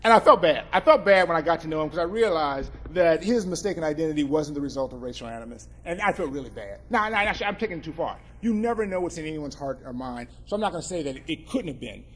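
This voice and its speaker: A male attorney telling a humorous story to an audience, with joking, animated asides. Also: a little high, fast, few pauses, a little hiss or hum. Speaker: attorney and speaker.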